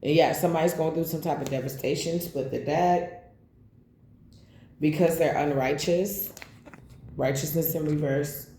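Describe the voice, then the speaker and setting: A woman reads tarot cards in a casual, blunt way, swearing freely as she calls out each card. Her voice is mellow and dark, mid-pitched, and sits in a roomy, echoey space. A faint hum of noise runs behind her. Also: fairly even intonation, measured pace, pauses often. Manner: blunt and profane, calling out cards. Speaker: tarot reader.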